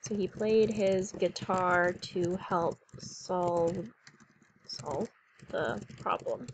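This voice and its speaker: A woman's voice: fairly low pitch, steady tone, very slow, slight background noise. A woman teacher reading a picture book aloud to pupils and explaining what the story shows. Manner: warm, clear classroom explaining.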